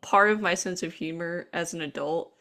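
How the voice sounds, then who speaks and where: Young woman host, animated storyteller with a slightly low voice, casual chat. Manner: animated storyteller, acts out lines in quick voices. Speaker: podcast co-host. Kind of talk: casual chat, recapping a cartoon.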